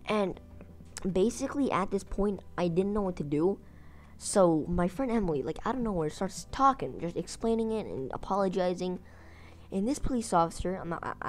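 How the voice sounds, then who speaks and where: A woman with a fairly low-pitched voice tells a story in a casual vlog. She rambles, trips over her words and corrects herself often. Faint music plays behind her. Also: a little mellow. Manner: rambling, lots of fillers and self-corrections. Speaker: gaming channel host.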